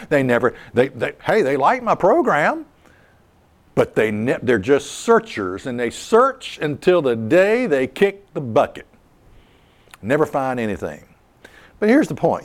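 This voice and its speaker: A man preaching a sermon to listeners, animated and storytelling, with a teasing edge as he lists what people want from church. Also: a little high.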